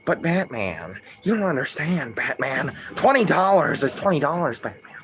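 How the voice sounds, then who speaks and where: A man putting on the voice of an unhinged male clown villain, drawling and trailing into a hushed murmur at the end of his lines. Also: on the high side, big pitch swings, normal speed, a little hiss or hum, pitched above the performer's own voice.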